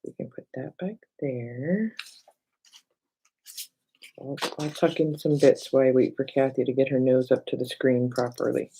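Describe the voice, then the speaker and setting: At moderate pace and with fairly even intonation, a middle-aged woman speaks in a very deep, dark voice, captured on a low-quality recording with slight background noise. She is hosting a casual crafting livestream at her home craft table, naming viewers as she chats and talking to herself as she works.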